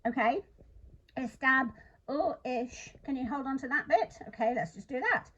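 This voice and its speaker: Husky woman teaching spelling. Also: high voice, expressive, normal speed, muffled recording. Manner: chatty and self-deprecating, sounding words out. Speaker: literacy teacher. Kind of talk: instructional talk to camera.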